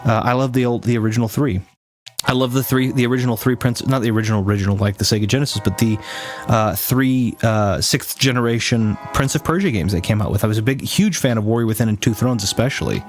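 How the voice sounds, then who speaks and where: A man's voice: medium pitch, fast, soft background music. A man chatting casually on a live stream, rambling with many restarts and fillers, teasing his chat now and then.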